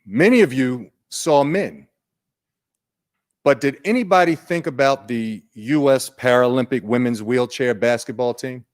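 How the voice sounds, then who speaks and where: A man presenting at an online training day, unhurried and conversational, putting questions to his audience. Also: mid-range voice.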